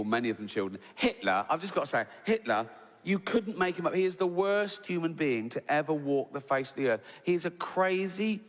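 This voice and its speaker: Stand-up comedian in a reverberant hall. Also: male voice, on the high side. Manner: conversational storytelling, frequent "right?" tags, acts out voices. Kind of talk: stand-up routine. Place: large theater stage. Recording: live hall with reverb, audience ambience.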